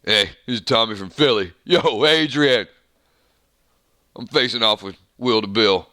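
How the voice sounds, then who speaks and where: Guy playing a gruff Philly boxer with a Philly accent, low and slow, drawling. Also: pushed and bright, no echo, clean studio sound. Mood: tough. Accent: Philadelphia.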